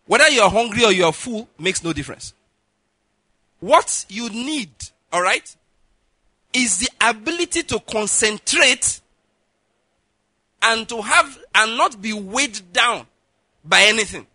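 A middle-aged man, a pastor preaching a sermon with lively acted-out stories, often saying "listen" and "all right". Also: sits high, slow pace, pauses often, no echo. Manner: lively, repeats "listen" and "all right", laughs at own jokes.

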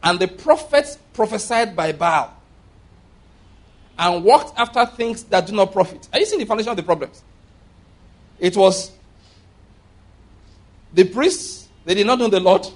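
A man with a notably high voice preaches a sermon. He reads scripture aloud and stresses key words for emphasis. Now and then he stops short and restarts a phrase. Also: animated, unhurried, long pauses.

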